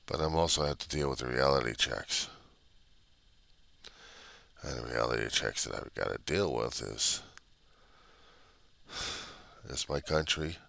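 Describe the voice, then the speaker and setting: A man with an extremely low, gravelly voice that still comes across bright and forceful. He rants in an agitated, repetitive way, piling up rhetorical questions. The recording is dry and close, with no room sound. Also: a little slow, long pauses, no echo. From United States. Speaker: vlogger. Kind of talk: ranting monologue. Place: apartment.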